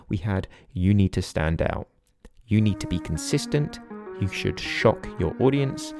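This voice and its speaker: A man hosting a solo podcast, speaking in an earnest, instructive way with a steady delivery. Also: on the low side, vocal fry, no room sound, studio quality. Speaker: podcast host.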